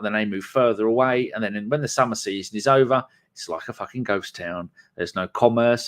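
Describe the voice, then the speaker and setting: A man's voice: fairly low pitch, a bit bright. A man, co-hosting a podcast and telling a long story as a sweary, ranting monologue. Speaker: podcast co-host.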